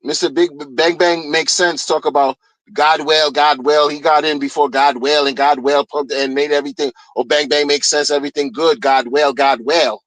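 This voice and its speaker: A man's voice: fairly high pitch, fairly even intonation, moderate pace, fairly bright tone, dry recording. Male streamer, blunt slangy rant, repetitive, recorded close and dry. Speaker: crypto streamer. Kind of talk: casual rant.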